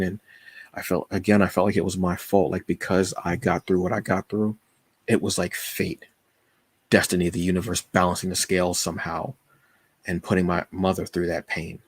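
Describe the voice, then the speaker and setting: A man hosting his own podcast, telling a personal story in a halting, emotional way with many fillers and restarts. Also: low voice, level tone, breathy edge, dry recording. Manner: emotional, confessional. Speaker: podcast host.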